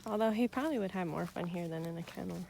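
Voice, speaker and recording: A woman's voice: on the low side, rapid-fire, creaky, darkish tone, slight background noise. A woman rescuing stray dogs outdoors, coaxing them in a sing-song baby-talk voice. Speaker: animal rescuer.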